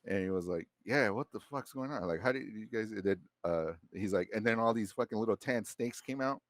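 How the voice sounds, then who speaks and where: Male podcast guest, deep voice, laid-back storyteller who rambles with slang. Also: fairly quick, dry recording, studio quality. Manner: loose and rambling, heavy slang and swearing. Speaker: podcast guest, former Marine. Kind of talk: casual storytelling.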